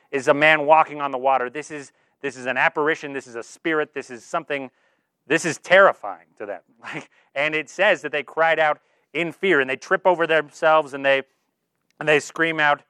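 Male preacher, fairly high smooth voice, chatty and earnest, dry close sound. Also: bright, forceful tone, no room sound. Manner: earnest, informal, filler-heavy with "like". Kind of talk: conversational sermon.

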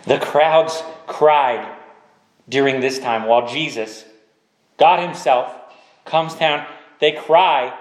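A man's voice: medium pitch, slow pace, pauses often, roomy sound. A man preaching a sermon, pressing his point with repeated rhetorical questions.

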